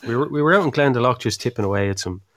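A man's voice: medium pitch, animated, racing, fairly bright tone. An Irish man co-hosting a climbing podcast, telling rambling stories in casual chat with plenty of fillers and swearing. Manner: rambling storyteller, swears freely, many fillers. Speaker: podcast co-host.

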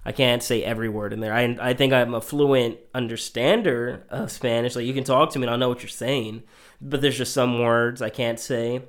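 A man's voice: medium pitch, fairly even intonation, normal speed. An American man co-hosting a podcast in casual chat, blunt and teasing, swearing now and then. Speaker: podcast co-host.

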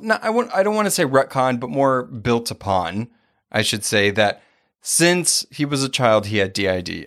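Man, podcast co-host, animated, laughs a lot, voice jumps high. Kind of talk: casual chat.

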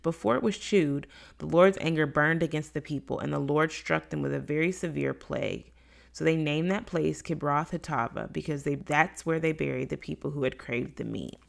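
Her low, gravelly voice carries a relaxed Bible lesson. She teaches conversationally, giving the complaints she quotes lively, acted-out voices.

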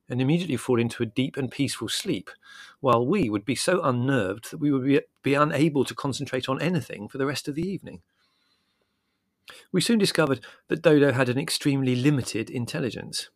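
A man narrating an audiobook in a wry, measured storytelling manner. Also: medium pitch, no room sound, studio quality.

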